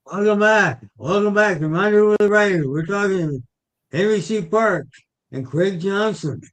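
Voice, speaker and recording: High-voiced man co-hosting a radio talk show. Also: moderate pace, fairly bright tone. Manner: brief encouraging responses. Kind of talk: casual interview chat.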